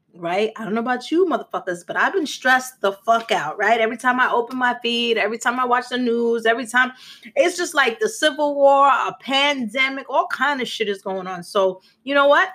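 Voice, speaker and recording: Woman, podcast host, high bright voice, brash and profane. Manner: profane, brash and animated, sings parts of her intro. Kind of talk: casual solo podcast monologue.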